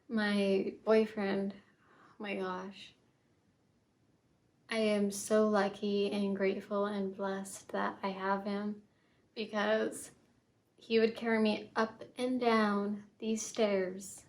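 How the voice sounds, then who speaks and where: A young woman telling her own story in a vlog, soft and halting, with many fillers and restarts. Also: mid-range voice. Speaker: vlogger.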